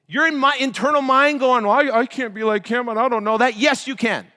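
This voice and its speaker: A man giving a hyped motivational seminar speech to a live crowd, shouting chants. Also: very high voice, a little fast. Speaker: motivational speaker. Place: large event hall. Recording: reverberant hall.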